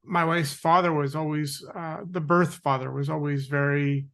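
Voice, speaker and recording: A man hosting a talk show, speaking haltingly with many restarts. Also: a little high, steady tone, fairly bright tone. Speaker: host. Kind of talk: casual chat.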